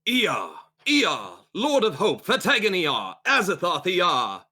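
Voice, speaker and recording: A man voicing a slick, charismatic male cult preacher, speaking in a grand, slow, oratorical way during a tabletop role-play. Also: fairly high pitch, lively intonation, a bit bright, pitched above the performer's own voice. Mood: chanting.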